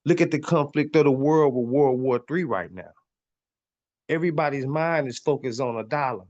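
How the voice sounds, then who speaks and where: A man's voice: medium pitch, normal speed, a little mellow, muffled recording. Preachy man repeating himself for emphasis. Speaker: podcast host. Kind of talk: spiritual teaching monologue, reading and commenting.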